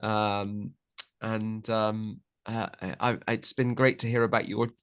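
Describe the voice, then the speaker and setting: In a casual interview chat, a podcast host with a fairly low, smooth, fairly bright voice speaks slowly with little pitch movement. Talking with his guest, he drifts into jokes, rambling and cutting himself off to restart often.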